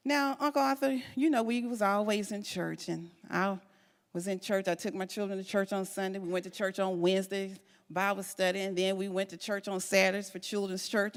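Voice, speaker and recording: A woman's voice: medium pitch, normal speed. A middle-aged woman giving a church testimony as guest speaker, telling her story dramatically with repetition and emphatic rises. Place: church sanctuary. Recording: long church hall reverb.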